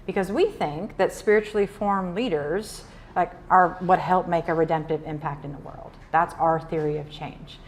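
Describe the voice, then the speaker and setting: A woman's voice: fairly low pitch, normal speed, slight background noise. A woman from Nebraska giving a casual, chatty keynote talk at a luncheon. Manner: chatty, uses "like" and "y'all". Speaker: keynote speaker. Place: luncheon event room.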